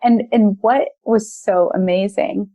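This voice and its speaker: A woman's voice: mid-range voice, takes it slowly, no room sound. A woman guest on a podcast, telling a personal story in casual chat, laughing often and acting out what people said. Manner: animated, laughs often, acts out quotes.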